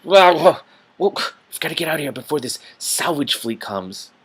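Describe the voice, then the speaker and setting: A jittery, cowardly male wizard from a storybook who snaps and moans at everyone, as a man puts him on while reading. His voice jumps higher and louder when he panics, urgent and whining. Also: lively intonation, normal speed, husky.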